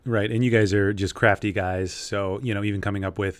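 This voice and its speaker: A man's voice: fairly low pitch, fairly even intonation, a little fast, few pauses, dry recording. A man hosting a casual live chat, agreeable and talkative.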